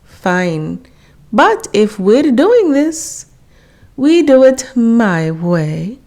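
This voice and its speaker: A woman's voice: on the high side, sing-song, very slow, a little mellow, heavily acted. A woman voicing a snooty, world-weary female show poodle with a faint French lilt, in a storybook reading. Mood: haughty.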